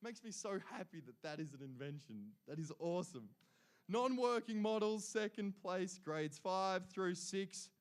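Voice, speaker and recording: A man's voice: high-pitched, lively intonation, unhurried. A man announcing award winners at a live ceremony, cheering them on and adding chatty asides between names.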